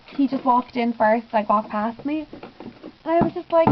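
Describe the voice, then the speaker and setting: A woman's voice: high voice, brisk, dull audio, background noise. A young woman telling a giggly, gushing story in a casual vlog, often acting out what she said. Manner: gushing, giggly, lots of "I was just like". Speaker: fan vlogger.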